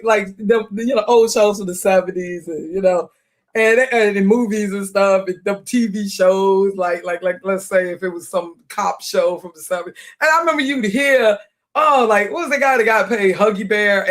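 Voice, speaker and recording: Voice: medium pitch, expressive, moderate pace, fairly bright tone. A live stream host giving chatty, laughing reaction commentary on an old comedy film.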